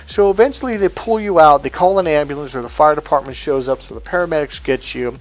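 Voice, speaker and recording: A middle-aged man teaching dating advice in a casual, blunt way, swearing often and telling animated stories. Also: a little high, fast talker. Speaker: dating coach. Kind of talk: casual spoken lesson.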